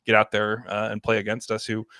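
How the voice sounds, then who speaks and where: Male podcast guest, relaxed joking chat, lowish voice, dry sound. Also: a little fast, no room sound. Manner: easygoing, joking. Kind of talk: casual chat.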